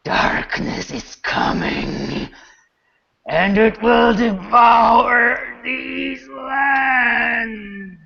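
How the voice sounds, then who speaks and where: A man voicing a defeated male dragon, hissing a slow, drawn-out dying threat. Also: very high-pitched, gravelly, pushed and bright, voice pushed up, full character voice. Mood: menacing. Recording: muffled lo-fi audio.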